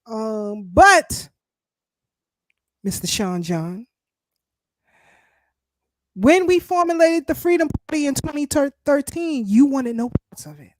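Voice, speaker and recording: A woman co-hosting a casual political talk show, speaking in an animated, emphatic way. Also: sits high, slow, long pauses, no echo. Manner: animated, emphatic, speaks of herself as party founder. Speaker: show co-host.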